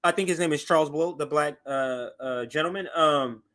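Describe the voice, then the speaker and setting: Animated, bright-voiced male commentator. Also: a little high, normal speed. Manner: animated and conversational, voice jumps up for emphasis. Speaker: show host reacting to news clips. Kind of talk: political reaction commentary.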